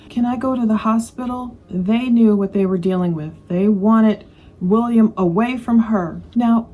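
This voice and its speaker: A woman narrating a true crime bodycam video in a measured voice-over. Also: fairly high pitch, darkish tone, poor audio.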